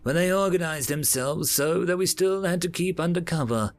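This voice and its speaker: A man's voice: a little high, normal speed, faint music behind, pitched above the performer's own voice, close to an everyday voice. A man voicing a thoughtful male alien squad tactician in an audiobook story. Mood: reasoning. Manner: explanatory, reasoning aloud.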